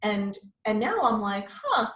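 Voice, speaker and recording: A woman's voice: medium pitch, big pitch swings, measured pace, a bit bright. A woman in her fifties, a yoga instructor, chatting candidly as a guest in an interview and often saying "like" and "you know.". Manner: candid, chatty, frequent likes and you-knows. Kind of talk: casual interview chat. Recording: roomy echo.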